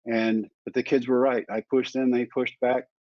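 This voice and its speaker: A man in his fifties, a guest in an interview, telling his story in a lively way and acting out the dialogue. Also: mid-range voice, moderate pace, dry recording. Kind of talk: candid storytelling in conversation. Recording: dry, slightly dull sound.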